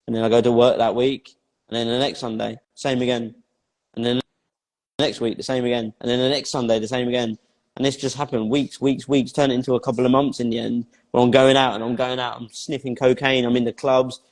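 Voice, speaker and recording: A man, a life coach being interviewed, recounts his story in a blunt, plain-spoken way, swearing freely and hammering points home through repetition. His voice sits at an ordinary male pitch, and a long reverb tail hangs after each phrase as if he is in a large, hard room. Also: a little mellow.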